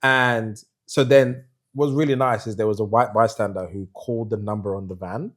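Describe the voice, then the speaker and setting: A man's voice: on the low side, moderate pace. A middle-aged man, a podcast host telling a story in casual chat and putting on voices when he quotes people. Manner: animated storyteller who puts on voices when quoting people.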